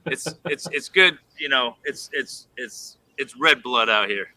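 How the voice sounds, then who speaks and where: A man's voice: medium pitch, unhurried, sharp tone, low-quality recording. A man on a stream panel chatting casually and correcting himself as he rambles along. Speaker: stream guest. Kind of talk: casual chat.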